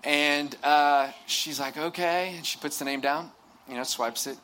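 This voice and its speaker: A young man gives a conversational sermon, working a funny self-deprecating story with quick asides and restarts. His voice sits a bit high and comes across bright and pressed. Faint background noise sits under the talk. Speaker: campus ministry speaker.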